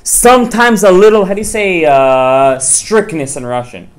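A man's voice: sits high, fairly even intonation, measured pace, background noise. A man, a rabbi, giving a Torah class to parents, firing rhetorical questions at his listeners and dropping Hebrew terms into his talk.

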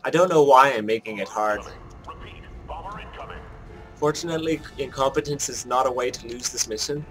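A man giving casual let's-play commentary, joking at his own mistakes and thinking out loud as he plays. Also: medium pitch, normal speed, soft background music. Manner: jokey, self-mocking, thinks aloud while playing. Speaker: gameplay commentator.

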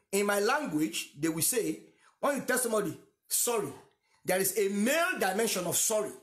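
A man's voice: high-pitched, very animated, a little fast, a bit bright, roomy sound. A Nigerian-accented man whose first language is Yoruba, preaching a sermon emphatically and repeating lines for stress. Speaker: pastor.

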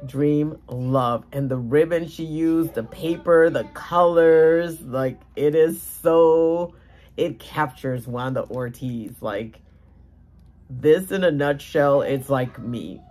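Woman vlogger, unboxing gifts, low-pitched, unhurried, gushing and close to tears. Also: darkish tone. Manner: gushing, emotional, exclaims often. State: tearful at times. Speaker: vlogger hosting a giveaway challenge. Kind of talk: casual unboxing vlog.

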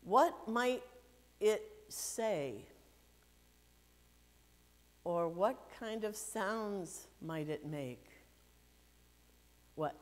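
A woman pastor reading scripture and then giving a gentle children's sermon, playfully asking the children questions. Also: mid-range voice, animated, extremely slow, long pauses. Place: church sanctuary. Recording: long church reverb.

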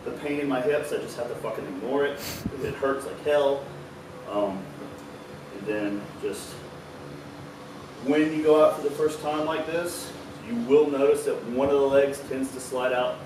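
A fitness vlogger with a mid-range voice talks casually through his stretching routine at an unhurried pace, loose and chatty, swearing now and then and slightly out of breath. It's casual instructional talk. The mic sits at a distance in an echoey room, with background noise.

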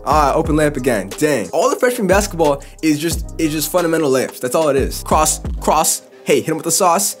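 A young man with a bright, high voice narrates his video game play by play. He talks in quick bursts, hyping himself up and mocking the other team. Soft music plays faintly underneath. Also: expressive. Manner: hyped, trash-talking, rapid reactions. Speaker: gaming YouTuber. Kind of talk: excited gameplay commentary.

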